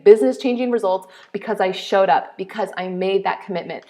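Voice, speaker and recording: Excitable woman business coach. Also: mid-range voice. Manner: energetic, excitable, talks with her audience. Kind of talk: online workshop teaching.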